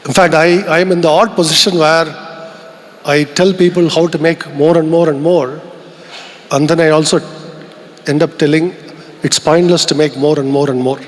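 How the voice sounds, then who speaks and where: A man's voice: fairly high pitch, steady tone, moderate pace, pauses often. Indian man giving a keynote in a reverberant hall. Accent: Indian English. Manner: earnest, reflective, rhetorical questions. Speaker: keynote speaker. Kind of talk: conference keynote speech. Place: large event hall. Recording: long reverb of a large hall.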